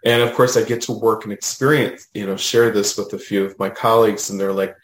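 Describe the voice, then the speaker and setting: Speaking briskly with few pauses, this deep-voiced guest with a medium voice recounts a story, peppering it with "you know" and "right?". The delivery is casual but emphatic, and the room around him echoes.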